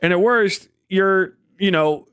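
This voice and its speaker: A man's voice: sits high, takes it slowly, fairly bright tone, clean tone, no room sound, studio quality. A young man hosting a livestream, ranting in a casual, profane and mocking way and laughing often. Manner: profane, mocking, laughs often, jumps into silly mimicking voices. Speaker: livestream host.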